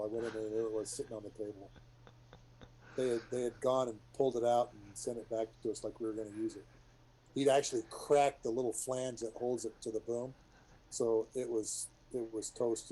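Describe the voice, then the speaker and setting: A middle-aged man, a retired military pilot, telling rambling war stories to a group in a casual, animated way. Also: on the low side, slight background noise, low-quality recording. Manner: rambling, animated, many restarts and asides.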